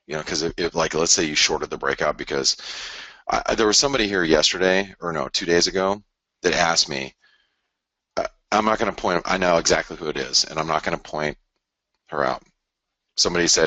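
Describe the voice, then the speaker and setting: A man's voice: fairly quick, sharp tone, no room sound. A man commenting live on currency charts in a rambling, repetitive way, often mock-quoting traders. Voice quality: very deep voice. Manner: rambling, repeats himself, mock-quotes traders. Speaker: market commentator. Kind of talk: live trading broadcast.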